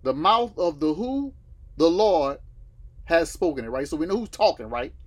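A man teaches a Bible class, often stopping to ask his listeners questions and then answering them himself. His voice sits a little high and is husky, and his pitch swings up and down a great deal as he explains each verse. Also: lively intonation, moderate pace. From Southern United States.

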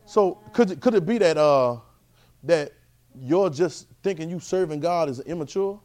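A man teaching a Bible class in a sermon style, animated, with constant call-and-response checks of his listeners. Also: a little high, moderate pace. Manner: repetitive call-and-response, keeps asking "right?"; animated, swings loud and soft.

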